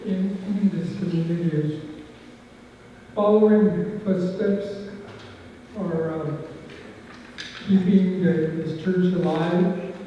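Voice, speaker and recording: Male priest, halting speech, slightly high voice, far from the mic, echoing hall. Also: steady tone, slight background noise. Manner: hesitant, many fillers. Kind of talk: halting remarks to an audience. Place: large church hall. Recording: roomy church hall from far off, dull.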